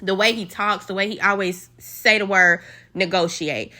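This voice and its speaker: A woman giving a casual, profane recap of a reality show, blunt and animated, acting out the people she talks about. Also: medium pitch, normal speed. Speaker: recap host.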